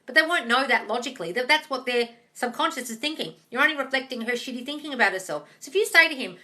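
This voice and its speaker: Fast and with hardly any pauses, a woman runs a live manifesting Q&A, blunt and sweary, addressing listeners as darling and guys. Her high-pitched voice is expressive, pushed and bright. The audio comes through a phone or webcam on a live stream.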